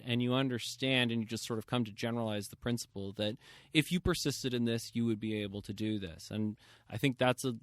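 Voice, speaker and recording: Guy hosting a podcast, mid pitch, rambles with lots of "you know", dry close sound. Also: dry recording. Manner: rambling, animated, frequent fillers and quoted asides. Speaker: podcast host. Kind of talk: casual interview chat.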